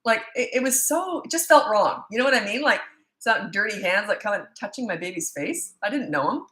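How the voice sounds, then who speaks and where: A woman's voice: mid-range voice, animated, a little fast, sharp tone, echoey room. A woman in her sixties from Canada, a parenting coach answering viewer questions in a blunt, firm, opinionated way with rambling asides. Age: 60s.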